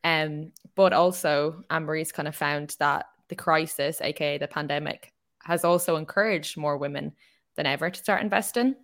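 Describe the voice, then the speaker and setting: A woman's voice: low-pitched, moderate pace, fairly bright tone. An Irish woman co-hosting a podcast, chatting casually with lots of fillers like "like" and "um". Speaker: podcast co-host.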